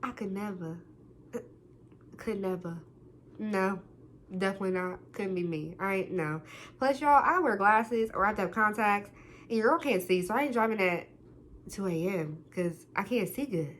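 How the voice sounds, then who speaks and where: A woman's voice: medium pitch, moderate pace, slight background noise. Chatty young woman telling a story. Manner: chatty, slangy, animated retelling with swearing. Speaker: vlogger. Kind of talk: casual storytime.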